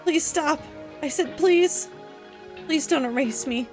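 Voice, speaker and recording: A woman's voice: high-pitched, slow pace, pitched above the performer's own voice. A woman voicing a terrified young man whose mind is being erased, pleading and stammering in panic, with faint game music behind.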